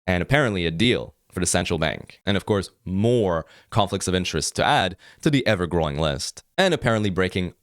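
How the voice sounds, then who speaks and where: A man's voice: sits low, expressive, fairly quick, few pauses, no room sound, clean studio sound. A man with a French-Canadian accent hosting a political commentary show, talking in a sarcastic, mocking monologue.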